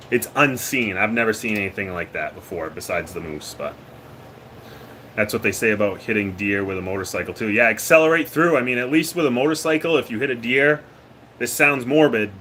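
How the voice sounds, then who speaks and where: Bright-toned joking man from Maine. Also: fairly low pitch, a little hiss or hum. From Maine, USA. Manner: joking, laughs often, trails off at line ends. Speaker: livestream host. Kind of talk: casual live chat with viewers.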